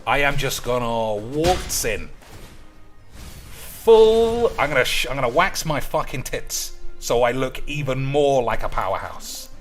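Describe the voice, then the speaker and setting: A young man ranting as a podcast host, loud and swaggering, with sudden shouts and crude jokes. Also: mid-range voice, animated, measured pace, faint music behind. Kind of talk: crude comedic banter.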